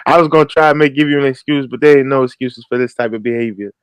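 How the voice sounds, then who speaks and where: A man on a casual boxing podcast panel, easygoing and quick to laugh. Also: medium pitch, clean tone, dry recording, low-quality recording.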